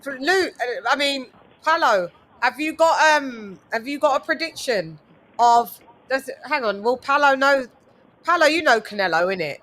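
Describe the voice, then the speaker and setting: A woman's voice: high voice, animated, normal speed, a bit bright. A woman hosting a casual boxing livestream, chatting with guests and greeting viewers from the chat. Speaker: host.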